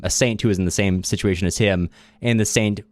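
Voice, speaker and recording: A man's voice: on the low side, fairly even intonation, a little fast, no echo. A man co-hosting a casual literature podcast, retelling a plot loosely with fillers and chuckles. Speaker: podcast co-host.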